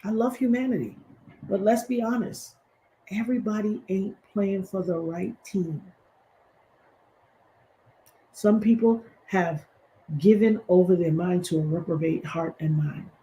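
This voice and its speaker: A woman hosts a livestream in a punchy, preachy manner. She drops sassy asides as she makes her points. Her pitch sits in the middle range for a woman. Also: normal speed, dark tone, slight background noise, low-quality recording. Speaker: commentary host. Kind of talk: animated livestream commentary.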